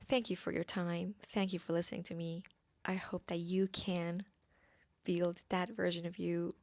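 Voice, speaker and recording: A young woman hosting a reflective solo podcast, talking in a soft, musing way that sometimes drops to a whisper. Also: lowish voice, gravelly, no room sound. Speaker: podcast host.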